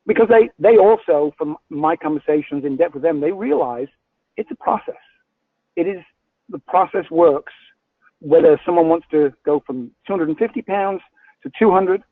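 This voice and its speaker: An older man in a coaching webinar speaks earnestly in a fairly high voice and keeps stopping and restarting his sentences. His voice comes through a dry, tinny, phone-like line. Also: vocal fry, no room sound. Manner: halting, many restarts, earnest. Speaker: personal trainer and coach. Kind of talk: webinar discussion.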